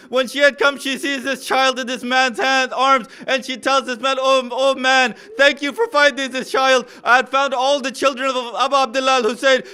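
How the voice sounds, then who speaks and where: Male majlis speaker with a very high, rapid, level delivery, telling a tearful story in a mourning sermon. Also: sharp tone, smooth.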